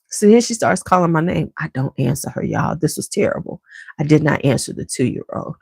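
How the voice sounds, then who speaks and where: A woman's voice: low voice, normal speed, dark tone, no room sound. A middle-aged woman vlogger chatting casually to her viewers and telling a family story from her home basement. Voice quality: gravelly, chatty and conversational.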